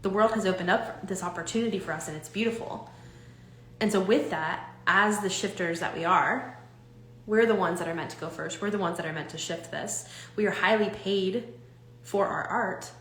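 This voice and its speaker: Young woman, live-stream coach, loose and animated delivery full of restarts, roomy echoey sound. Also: mid-range voice, moderate pace, a little hiss or hum. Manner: animated, rambling, with frequent restarts and fillers.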